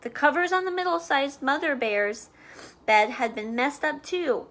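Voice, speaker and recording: High-voiced woman reading a storybook. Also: unhurried. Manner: chatty asides, playful, soft whispers. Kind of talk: reading a storybook aloud to children.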